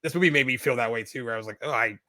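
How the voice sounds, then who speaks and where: A man talking through a film in a casual podcast chat, rambling and full of fillers. His speech runs quick and bright. The sound is dry and close. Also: medium pitch, no room sound. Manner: rambling, many fillers and restarts. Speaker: podcast co-host.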